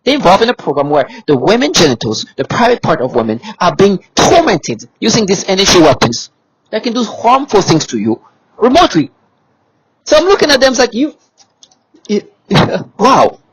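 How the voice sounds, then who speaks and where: A man's voice: high voice, wildly swooping pitch, normal speed, breathy edge, rough recording. A man speaking in an agitated monologue to camera. He talks emphatically and repeats himself, with many restarts and rhetorical questions. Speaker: vlogger.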